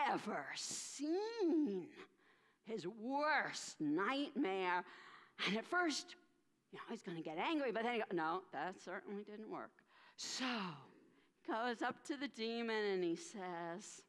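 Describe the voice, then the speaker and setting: A woman minister telling a story during a church service, animated, with dramatic pauses and acted voices. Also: a little high. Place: church sanctuary. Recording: reverberant church sanctuary.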